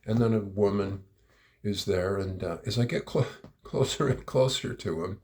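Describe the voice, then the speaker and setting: Here a middle-aged man spins a meandering personal story aloud, with repeated words and frequent chuckles. He talks at a moderate pace in a voice on the low side with a darkish tone.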